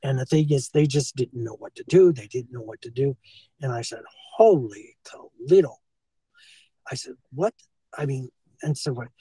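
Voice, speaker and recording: An older American man with a husky, somewhat breathy voice rambles on, padding his sentences with "okay" and "and so forth". He is caught close and dry on a handheld phone, at a middling pitch for a man. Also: fairly even intonation, brisk, dark tone, no echo, poor audio. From United States. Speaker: former school teacher being confronted. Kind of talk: rambling confrontation talk. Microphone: filmed on a handheld phone.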